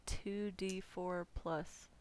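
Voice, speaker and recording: A woman's voice: fairly low pitch, fairly even intonation, extremely slow, darkish tone. A woman playing a tabletop game, confused at times, swearing and muttering her dice math. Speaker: player. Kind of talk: casual tabletop play.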